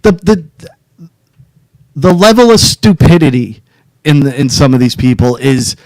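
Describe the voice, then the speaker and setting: A man's voice: mid-range voice, a little slow, no room sound, rough recording. A man co-hosting a podcast, chatting casually and swearing freely, acting out other people in mock quotes. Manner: profane, animated storytelling with mock quotes. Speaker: podcast co-host. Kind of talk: casual chat.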